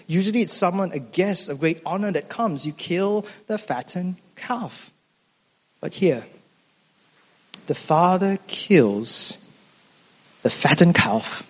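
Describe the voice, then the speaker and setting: Male preacher, high voice, slow emphatic sermon, repeats phrases for effect, dull recording in a reverberant hall. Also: slightly rough. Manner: emphatic, dramatic repetition, addresses listeners as friends.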